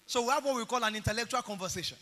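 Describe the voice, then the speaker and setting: A man's voice: very high voice, rapid-fire, big-room sound. A middle-aged Nigerian man preaching a sermon, telling stories animatedly and acting out the dialogue. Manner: animated storytelling, acts out dialogue.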